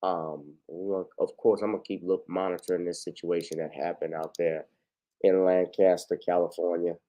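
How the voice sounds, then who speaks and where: Low, mellow-voiced man vlogging. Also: flat delivery, moderate pace. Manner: loose and profane, trailing off quietly. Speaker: vlog host. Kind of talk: casual commentary.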